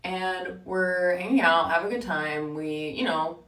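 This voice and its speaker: A young woman in her twenties telling a storytime while getting ready, chatty and animated, full of "like". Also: lowish voice, a little slow, roomy sound, distant mic. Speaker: vlogger.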